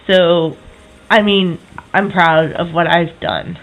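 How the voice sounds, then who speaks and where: A woman in her twenties chatting casually to camera as a vlogger, enthusiastic, with quick self-correcting asides. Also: fairly low pitch, fairly even intonation, rough recording.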